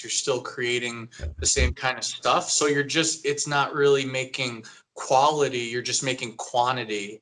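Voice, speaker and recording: A man's voice: mid-range voice, pushed and bright. A young man from New Jersey, an animator guest on a podcast, talking in a loose, rambling way with lots of "like.". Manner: rambling, heavy use of "like". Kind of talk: casual interview chat.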